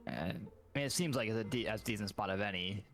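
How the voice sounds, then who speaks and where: A man playing a tabletop game from a hot room at his computer, laid-back and quiet. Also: fairly low pitch, fast, faint music behind. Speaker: player.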